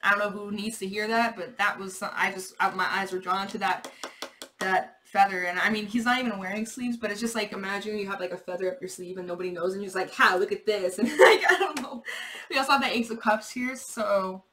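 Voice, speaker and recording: A woman's voice: medium pitch, fairly even intonation, fast talker, sharp tone, poor audio. A young woman giving a casual, rambling tarot reading, repeating herself, swearing and laughing. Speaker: tarot reader.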